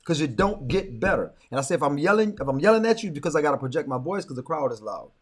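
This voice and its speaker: Middle-aged male co-host, casual chat, animated storyteller who repeats himself, lively pitch, slightly high voice. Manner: animated storyteller, repeats words, quick laughs. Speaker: podcast co-host.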